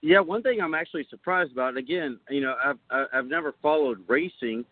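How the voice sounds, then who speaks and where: A man co-hosting a live sports talk show, speaking hesitantly with many pauses. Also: on the high side, dry recording. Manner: hesitant, many fillers and restarts. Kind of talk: casual live show chat. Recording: dry tinny phone-like line.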